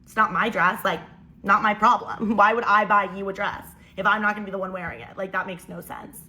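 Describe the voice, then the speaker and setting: A careless younger sister who shrugs everything off in a breezy, self-satisfied tone, as a woman puts her on. The voice sits lower than the storyteller's own, yet keeps a bright, clear edge. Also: fairly even intonation, brisk, natural voice. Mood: dismissive.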